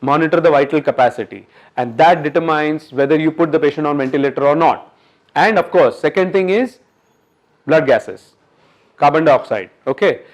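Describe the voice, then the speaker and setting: A man giving an interactive medical lecture at a workshop, quizzing the audience in a coaxing, brisk way. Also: a little high.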